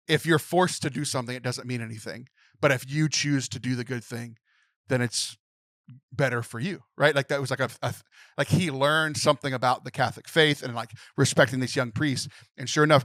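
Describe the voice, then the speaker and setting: A man's voice: medium pitch, dry recording. A man co-hosting a podcast, caught up in retelling a film's plot with lots of fillers and restarts. His voice sits in an ordinary middle range. The recording is close and dry, with no room sound. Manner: animated storyteller retelling a film plot, many fillers. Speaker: podcast co-host. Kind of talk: casual podcast chat.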